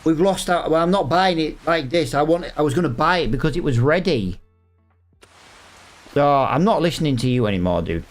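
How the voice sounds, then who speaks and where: A man's voice: fairly high pitch, expressive, a little fast, faint music behind. A man giving casual, chatty gameplay commentary and talking to his viewers. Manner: chatty, exasperated, talks to viewers. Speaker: gaming streamer.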